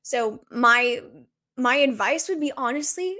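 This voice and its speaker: A woman's voice: a little high, animated, takes it slowly, sharp tone. Young female podcast host with a raised voice, heartfelt and confessional, casual solo delivery. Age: 20s. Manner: earnest, confessional, says "like" often.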